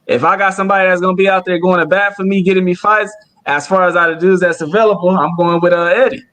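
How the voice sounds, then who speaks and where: A man's voice: sits high, steady tone, quick pace, fairly bright tone. A man chatting casually about boxing as co-host, slangy and laid-back with lots of fillers.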